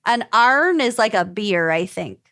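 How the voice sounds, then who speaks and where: A woman's voice: medium pitch, lively intonation, unhurried, pushed and bright. A woman co-hosting a casual podcast, playfully explaining regional slang words and acting out examples. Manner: playful, reads out regional vocab words and mimics them. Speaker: podcast co-host. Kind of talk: casual chat.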